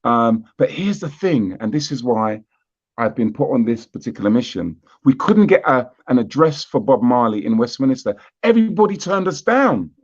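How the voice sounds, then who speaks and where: A British man as an interview guest, telling stories in an unhurried, casual way with many fillers. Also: mid-range voice, lo-fi sound. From Britain. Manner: relaxed and unhurried, with frequent fillers and asides. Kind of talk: casual conversational storytelling.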